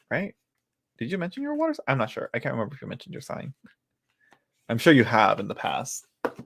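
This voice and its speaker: A man's voice: mid-range voice, gravelly. A man hosting a live tarot reading, chatting casually with viewers, laughing often and talking to himself as he goes through the cards. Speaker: tarot reader hosting a livestream. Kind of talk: casual livestream chat. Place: indoors at home.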